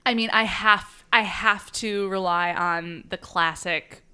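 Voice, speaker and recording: A woman's voice: medium pitch, steady tone, takes it slowly, pushed and bright, clean tone. A woman co-hosting a podcast in casual chat, talking enthusiastically. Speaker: podcast co-host.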